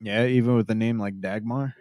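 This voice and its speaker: A man's voice: on the low side, fairly even intonation, a little fast, a little mellow, no room sound, clean studio sound. A man hosting a podcast, teasing his guest with crude jokes over drinks and a bit tipsy. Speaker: podcast host. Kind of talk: casual podcast chat.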